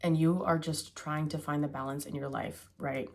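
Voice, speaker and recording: A woman's voice: low-pitched, steady tone, moderate pace, a little mellow, slight background noise. A woman giving a casual tarot reading, musing aloud with hums and fillers as she turns each card. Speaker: tarot reader.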